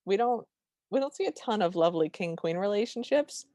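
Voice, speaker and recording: A woman's voice: medium pitch, lively intonation, fairly quick, mellow, no room sound. Chatty woman with a dry, close sound. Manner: chatty and enthusiastic, with lots of fillers and restarts. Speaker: podcast co-host. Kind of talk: casual podcast chat recapping a film.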